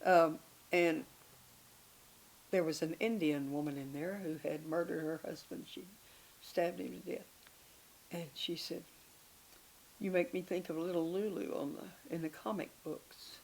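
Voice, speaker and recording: Older woman telling lively stories. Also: fairly low pitch, measured pace, pauses often, a little hiss or hum. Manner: lively and self-mocking, laughing between lines. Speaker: interview guest. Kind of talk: candid storytelling chat.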